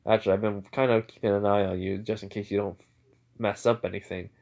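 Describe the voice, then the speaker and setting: A man's voice: lowish voice, little pitch movement, fast, vocal fry, darkish tone, highs cut off. A man voicing a laid-back, teasing older brother, a villain who watches out for his younger brother.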